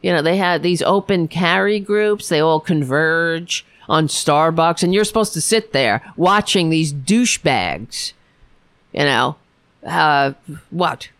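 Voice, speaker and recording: A woman's voice: low-pitched, expressive, slow, a bit bright, no room sound. A woman hosting a political podcast, ranting alone in an angry, sarcastic, profane way with many restarts. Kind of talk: ranting solo commentary.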